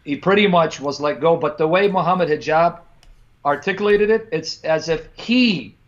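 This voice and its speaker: An emphatic, teasing man co-hosting a casual livestream chat, breaking now and then into preacherly asides. His voice sits a little high for a man. He comes through a dull, lo-fi remote line. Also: normal speed, a bit bright. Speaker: co-host.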